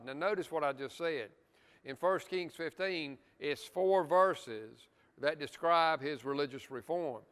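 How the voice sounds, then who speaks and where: A man's voice: on the high side, a bit bright, smooth, big-room sound. A man teaching a Bible study lesson in a church, earnest, stressing key words and adding asides to the class.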